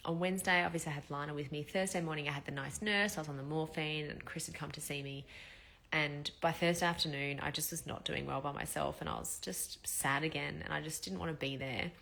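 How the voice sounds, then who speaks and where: A woman's voice: deep voice, fairly even intonation, brisk, vocal fry, fairly bright tone. A woman, chatting bluntly and expressively while recovering from surgery. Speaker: vlogger. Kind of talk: casual storytelling.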